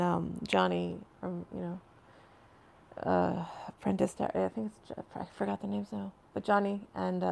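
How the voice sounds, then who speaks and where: A woman's voice: mid-range voice, creaky, a little mellow, a little hiss or hum. A woman hosting a casual live stream from home, rambling and chatting as she answers viewer comments, laughing often between phrases.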